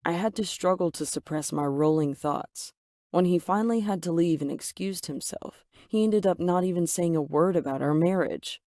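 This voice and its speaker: A woman's voice: on the low side, normal speed, warm tone, no room sound, studio quality. A woman telling a first-person story in a dramatic, emphatic way. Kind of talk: scripted first-person narration.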